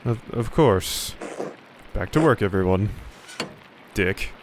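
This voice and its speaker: A young man playing a game, reading its dialogue aloud and adding sarcastic commentary with sudden loud outbursts. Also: on the low side, animated, slow, background noise. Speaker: let's play commentator.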